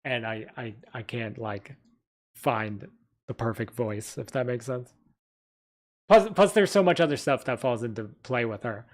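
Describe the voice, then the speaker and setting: A man's voice: mid-range voice, measured pace. A man chatting casually on a live stream about his own fantasy writing, rambling and hesitant, with frequent restarts and fillers.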